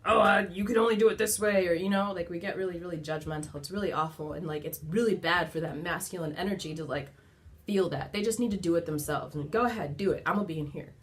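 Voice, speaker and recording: A woman's voice: fairly low pitch, fast. A woman who is a mother talks casually and candidly to camera at home, giving motivational parenting advice with frequent fillers and the odd swear word. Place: at home indoors.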